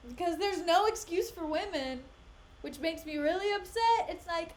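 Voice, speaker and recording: A woman's voice: extremely high pitch, moderate pace, a little hiss or hum. Exasperated young woman ranting on stream. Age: young adult. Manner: animated, exasperated, laughs and rants. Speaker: streamer reading a play. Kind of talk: casual live-stream commentary.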